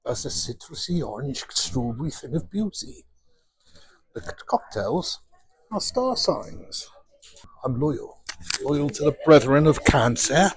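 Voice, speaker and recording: A man's voice: medium pitch, animated, measured pace. A man from Wales chatting to camera in a cruise ship bar, telling self-mocking stories on a small handheld microphone. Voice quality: gravelly, husky. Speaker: vlogger reviewing pubs. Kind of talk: casual vlog chat to camera.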